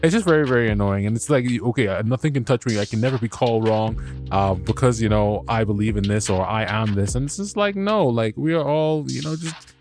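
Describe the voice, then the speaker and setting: A man's voice: mid-range voice, brisk, darkish tone, faint music behind. A man hosting a podcast, recapping a show in a casual, rambling way, stammering and restarting, laughing at himself and swearing freely. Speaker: podcast host reviewing a show.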